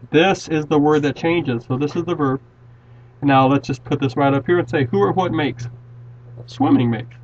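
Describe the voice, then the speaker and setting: A man with a fairly high-pitched voice teaches a grammar lesson, patiently working through example sentences. While explaining, he often repeats and restarts his words. The classroom recording is dull and lo-fi, with slight background noise.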